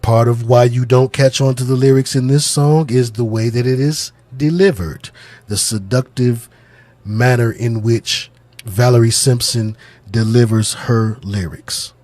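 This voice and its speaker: A man of middling pitch offers religious commentary on song lyrics, deliberate and musing with a sermon-like lilt. He circles back to repeat his points, and his voice sits close and dry with no room sound. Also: darkish tone, dry recording. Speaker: channel host, religious music commentator.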